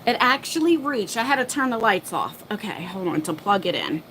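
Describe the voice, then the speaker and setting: A woman's voice: medium pitch, big pitch swings, a bit bright, a little hiss or hum, poor audio. Chatty, breathless New woman livestreaming. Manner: chatty, talks to viewers and her dog while rushing around. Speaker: livestream host. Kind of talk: casual live chat. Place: home, moving between floors.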